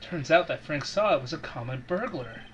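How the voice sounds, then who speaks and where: A man's voice: on the high side, lively intonation, normal speed, fairly bright tone, lo-fi sound, a little hiss or hum. A man narrating a game scene casually, reading aloud in a playful way. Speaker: co-op game voice-over player. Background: game music.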